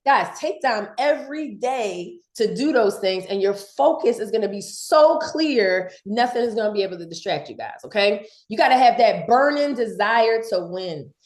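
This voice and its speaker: A woman from giving an excited, fast motivational sales training talk, repeating her points. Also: a little high, roomy sound. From Philadelphia.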